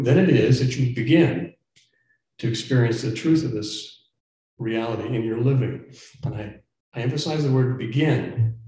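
A man's voice: medium pitch, mellow. A man preaching a sermon as pastor, earnest and emphatic, sometimes stumbling and repeating words as he presses a point. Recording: very echoey church room.

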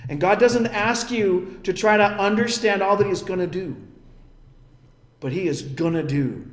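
A man's voice: on the high side, roomy sound. A man preaching a sermon as a pastor, telling a story in an earnest, emphatic way.

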